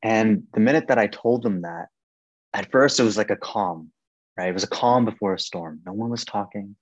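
A young man giving a personal faith testimony as a podcast guest in a casual, animated way, full of "like" and "um". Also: normal speed, no echo. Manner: animated, acts out quoted voices with sharp rises in pitch; casual, many "like" and "um" fillers. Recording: dry, slightly dull podcast recording.

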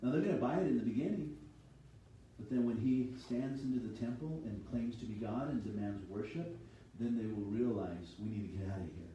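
A man's voice: mid-range voice, moderate pace, dark tone, recorded from a distance, muffled recording, slight background noise. A man preaching a sermon as a pastor, teaching steadily and reading scripture aloud. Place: church sanctuary. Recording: echoey hall, voice from off-mic.

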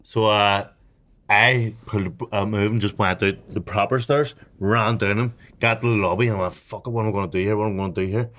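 Give me a young man with a low voice, animatedly telling a sweary story on a podcast. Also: steady tone, fairly quick, fairly bright tone. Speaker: podcast co-host. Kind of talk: casual chat, storytelling.

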